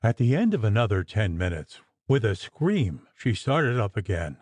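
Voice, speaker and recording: A man narrating a gothic audiobook in a measured, expressive storytelling manner. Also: lowish voice, no room sound.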